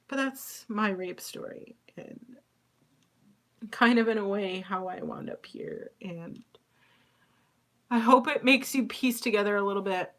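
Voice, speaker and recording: A young woman hosting her own podcast, speaking in a confessional, halting way, tearful with a cracking voice. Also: mid-range voice. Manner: emotional, halting, confiding. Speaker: podcast host.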